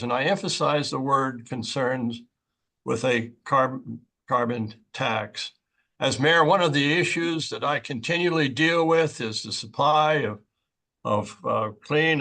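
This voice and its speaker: An older man who is a town mayor, giving a halting public comment with repeated words and fillers. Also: mid-range voice, pushed and bright.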